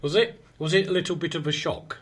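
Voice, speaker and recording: A man's voice: on the high side, fast talker. A man hosting a radio show in a small studio, chatting casually and rambling in a self-mocking way. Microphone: studio microphone.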